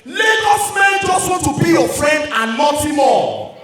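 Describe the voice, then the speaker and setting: A Nigerian man doing stand-up comedy, shouting his punchlines in Pidgin-laced English at a live show. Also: extremely high pitch, lively intonation, a little slow. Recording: roomy live hall, distant mic, crowd and music.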